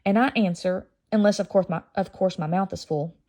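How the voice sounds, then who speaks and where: A woman reading a children's novel aloud in a lively first-person storytelling voice. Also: fairly low pitch, brisk. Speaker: audiobook reader.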